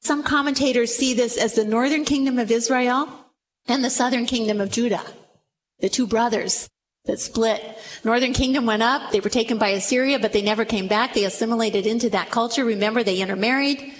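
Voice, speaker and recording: A middle-aged woman with a high voice preaches to a room full of listeners. She tells the story with animation and acts out each person in it, in sermon style. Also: fairly quick, slight background noise, low-quality recording. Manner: animated storytelling, acting out the quoted speakers. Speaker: Bible teacher. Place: room with a live audience.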